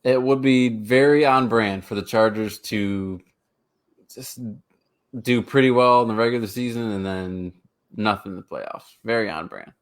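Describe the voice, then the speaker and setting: A man's voice: lowish voice, a little slow, clear, resonant tone. A man co-hosting a sports podcast, chatting casually and calling plays from a live game. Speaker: podcast co-host. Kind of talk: casual sports chat with play-by-play.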